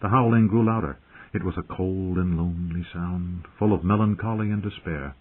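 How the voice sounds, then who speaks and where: Husky-voiced male audiobook narrator. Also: deep voice. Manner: measured, dramatic storytelling. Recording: tinny phone-like audio.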